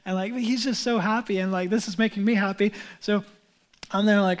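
Casual pastor in his thirties, high tenor voice, chatty storytelling sermon. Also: fairly even intonation, brisk.

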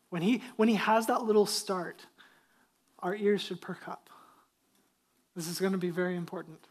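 A man's voice: high-pitched, moderate pace, pauses often. A middle-aged man preaching a sermon as pastor, talking conversationally and building emphasis on key points.

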